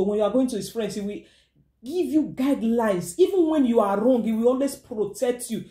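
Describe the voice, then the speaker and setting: A woman with a Nigerian accent giving relationship advice in a casual, animated monologue, acting out quoted voices and slipping into pidgin. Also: fairly high pitch, quick pace, roomy sound.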